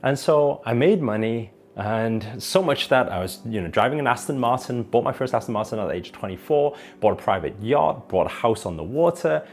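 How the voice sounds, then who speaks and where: A self-help speaker telling a personal story on his vlog, expressive and shifting between soft and emphatic delivery. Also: medium pitch, a little fast, hardly any pauses.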